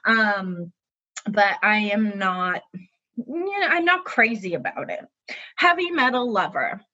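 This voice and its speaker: A woman's voice: mid-range voice, expressive, slow, bright, forceful tone, dull audio. A woman co-hosting a podcast in casual chat, opinionated and emphatic, now and then swearing. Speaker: podcast co-host.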